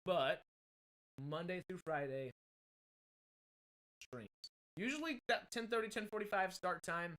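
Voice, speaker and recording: A man's voice: sits high, measured pace, long pauses, a bit bright. A man, chatting casually on a home livestream in a rambling, self-correcting way while he fixes mic problems on a desktop mic. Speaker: streamer. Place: home streaming room. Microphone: desktop USB mic with pop filter.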